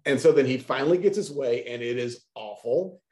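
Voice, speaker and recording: A man's voice: mid-range voice, a little fast, a little mellow, reverberant. A man co-hosting a podcast, giving wry, emphatic opinions in casual chat. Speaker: podcast co-host.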